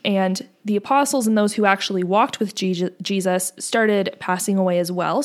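A woman talks through church history as a podcast co-host, relaxed and conversational. Her pitch sits in the middle range, and she explains things patiently, with fillers here and there. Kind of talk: casual religious discussion.

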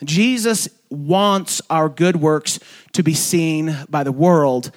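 A young man preaching to his church in a loose, conversational style, his fairly high voice stumbling through small restarts and fillers. Every so often he leaps way up in pitch to act out someone's excited words. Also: slow. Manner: acts out quoted voices in sudden high pitch. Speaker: pastor. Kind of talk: sermon. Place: church sanctuary.

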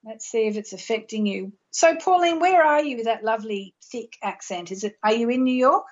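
A woman's voice: fairly high pitch, brisk. A woman hosting a phone-in show who reads callers' charts, chatty and upbeat. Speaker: astrologer host. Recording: slightly dull lo-fi sound.

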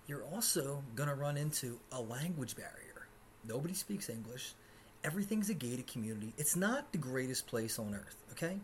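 A man's voice: medium pitch, lively intonation, normal speed, slight background noise. A man in his twenties hosting a podcast from his apartment, ranting sarcastically and profanely about his life. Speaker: podcast host. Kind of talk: solo comedic rant.

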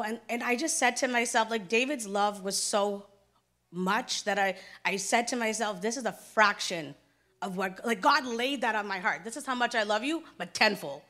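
A young woman with a bright, forceful, rather high voice gives a personal testimony in church. She speaks conversationally, acting out dialogue and making emphatic turns.

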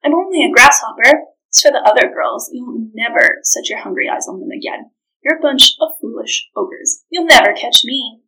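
A woman's voice: high voice, normal speed, creaky, bright, forceful tone, distant mic, pitched above the performer's own voice, heavily acted, rough recording. A woman doing a cheeky, taunting clever girl. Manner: sly and taunting.

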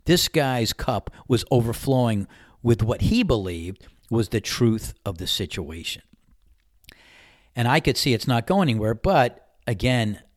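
This studio-quality, echo-free recording features a podcast host with a lowish voice telling a personal story. His casual monologue is candid and conversational, with animated storytelling, acted-out dialogue, and some mild cursing.

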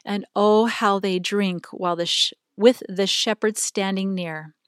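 A woman voicing a gentle middle-aged Syrian shepherd man who tells stories tenderly and reverently. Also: medium pitch, steady tone, a little slow, clear, resonant tone, no echo, clean studio sound, natural voice.

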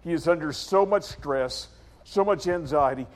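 A man preaching a sermon as dramatic storytelling, acting out scenes in character voices and swinging from shouts to quiet. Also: a little high, moderate pace. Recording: long hall reverb.

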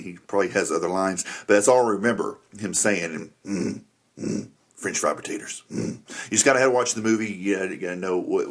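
A man's voice: fairly low pitch, fairly bright tone. Upbeat motivational man hosting a podcast. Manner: upbeat motivational, jokey, repeats "that's right". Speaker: podcast host. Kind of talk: Christian family podcast monologue.

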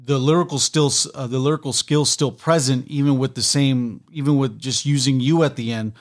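A man co-hosting a casual hip-hop review podcast, explaining his points in a measured, thoughtful way. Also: mid-range voice, steady tone. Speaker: podcast co-host.

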